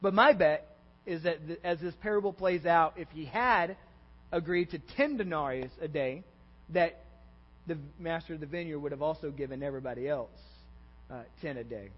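A man's voice: fairly high pitch, normal speed. Pastor quizzing his congregation. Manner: quizzes the congregation, repeats "okay?" and "all right?". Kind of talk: interactive sermon. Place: church sanctuary. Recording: dull echoey church recording with mains hum.

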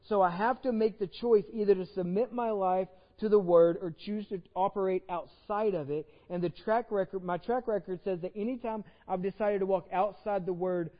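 A man's voice: sits high, long reverb tail, highs cut off. A pastor with a Texan accent, preaching a conversational sermon, often repeating words as he starts a phrase. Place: church sanctuary.

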